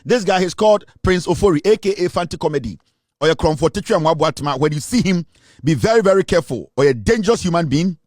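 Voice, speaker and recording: A man's voice: on the high side, lively intonation, fast talker, a little mellow, no room sound, studio quality. A Ghanaian man hosting comic political commentary, mixing English with Twi and laughing often. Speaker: show host.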